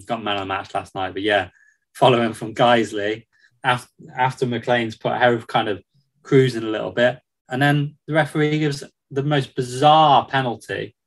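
A man's voice: medium pitch, a bit bright, rough recording. A man chatting casually about football on a podcast, with many ums and restarts and frequent laughs. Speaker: football reporter.

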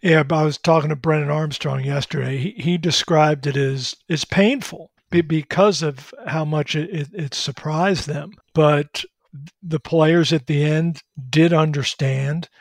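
A man analyzing college football in a measured way on a sports talk show, citing details and history. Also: a little high, fairly even intonation, vocal fry, dry recording, clean studio sound.

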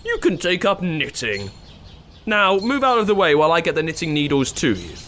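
A man's voice: a little high, wildly swooping pitch, normal speed, sharp tone, a little hiss or hum, voice pushed up, exaggerated voice. A man doing an earnest, fretful prince.

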